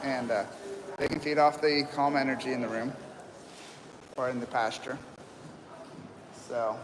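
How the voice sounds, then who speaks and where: A man hosting a live stream at a horse rescue, talking calmly and rambling with many fillers, recorded outdoors among people. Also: mid-range voice, measured pace, long reverb tail, crowd noise, poor audio. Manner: calm, rambling, soft-spoken with fillers. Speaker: livestream host at horse rescue. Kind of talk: live commentary.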